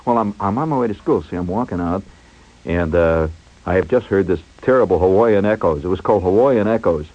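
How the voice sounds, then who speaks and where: A man hosting a radio show, telling a personal story in an animated way, chuckling and imitating sounds as he goes. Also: sits low, fairly quick, dull audio. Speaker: radio host. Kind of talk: storytelling monologue on air.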